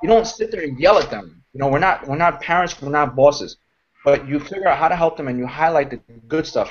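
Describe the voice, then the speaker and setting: Animated man giving a leadership pep talk. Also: fairly high pitch, brisk, highs cut off. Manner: animated, rambling, mocks shouting voices. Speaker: network marketing mentor. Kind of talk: casual motivational talk.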